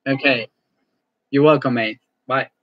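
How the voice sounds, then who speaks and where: A male English teacher chatting casually as he closes an online class, friendly and halting, often repeating words. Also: mid-range voice, fairly even intonation, no echo, dull audio.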